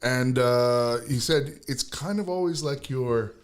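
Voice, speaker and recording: A male podcast host of medium pitch talks reflectively in a casual conversation. He thinks aloud, with some restarts. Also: slow. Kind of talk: casual interview chat.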